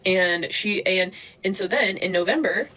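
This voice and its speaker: A young woman livestreaming, talking fast and agitated, swearing and replying to chat comments. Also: medium pitch, animated, bright, forceful tone. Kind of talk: livestream rant.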